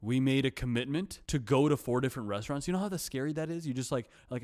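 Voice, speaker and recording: A man's voice: medium pitch, fast talker. A man vlogging in a casual, reflective monologue. He is self-deprecating and repeats himself.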